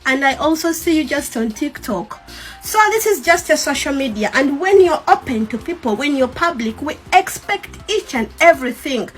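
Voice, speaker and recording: Bright, high-voiced woman. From Uganda. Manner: defiant, emphatic, repeats herself. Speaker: TikTok creator. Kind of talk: defiant talk to camera.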